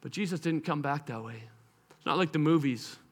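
A man preaching a sermon, telling the story dramatically, acting out the voices of the people in it and slowing down to stretch words for emphasis. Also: a little high.

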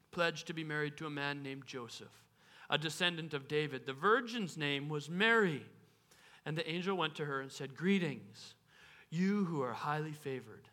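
Male pastor with a high, bright voice, chatty sermon delivery. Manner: casual and storytelling, with playful asides.

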